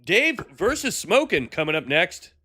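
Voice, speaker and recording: A man streaming comedic wrestling commentary, loud, joking and cursing, with faint music behind him. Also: high voice, very animated, measured pace, breathy edge. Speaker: streamer doing fight commentary.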